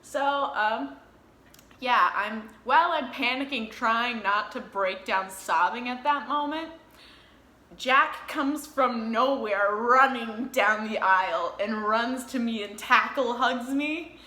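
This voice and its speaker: Animated young woman vlogger, bright voice. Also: fairly high pitch, slow, roomy sound. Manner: animated, swears freely, acts out her own reactions. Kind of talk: casual storytelling to camera.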